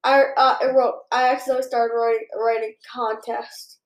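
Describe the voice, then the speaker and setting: A woman co-hosts a casual podcast, easygoing and quick to chime in with short agreeing replies. Her voice sits high. The room around her is echoey. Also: little pitch movement. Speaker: podcast co-host. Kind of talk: casual chat reviewing a TV episode.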